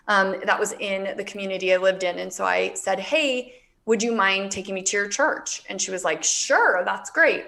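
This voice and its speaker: A woman in her thirties, appearing as a guest business coach in a casual interview, speaks emotionally and comes close to tears while telling her story. Her mid-range voice is slightly bright.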